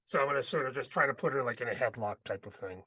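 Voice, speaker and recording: A man's voice: medium pitch, rapid-fire, bright, forceful tone, breathy edge, no room sound. A man playing a tabletop role-playing game, eagerly describing his character's actions. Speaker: player. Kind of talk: casual tabletop role-play.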